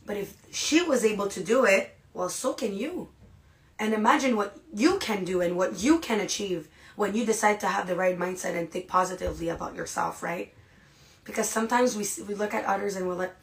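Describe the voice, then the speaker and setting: A woman hosting a podcast, giving an energetic, casual motivational talk and often checking in with "right?" and "you guys". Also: mid-range voice, brisk, gravelly. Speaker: podcast host. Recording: echoey room.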